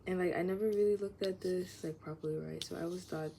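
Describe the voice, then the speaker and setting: Woman vlogger, lowish voice, loose rambling chat full of "like", noisy background. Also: steady tone, quick pace. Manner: meandering, heavy use of "like", drifts into soft whispers, laughs often. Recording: clearly audible background noise.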